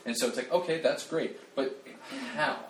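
A man preaching a casual sermon, animated and conversational, joking at his own expense and restarting his sentences often. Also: mid-range voice, moderate pace, a little hiss or hum. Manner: animated, conversational, self-deprecating, with frequent restarts and fillers. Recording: roomy, distant mic, faint ambience.

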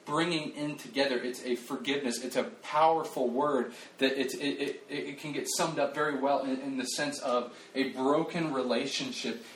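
Roomy, distant sermon from a lively man. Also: medium pitch, normal speed, hardly any pauses, slight background noise. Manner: animated, conversational, self-deprecating, with frequent restarts and fillers. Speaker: preacher. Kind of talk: casual sermon. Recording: roomy, distant mic, faint ambience.

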